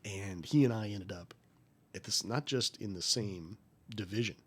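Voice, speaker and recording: A fortysomething American man, once a federal agent, tells stories as a podcast guest in a folksy, emphatic style that builds into animated retellings. His voice runs on the low side with a breathy edge, and he talks at a moderate pace.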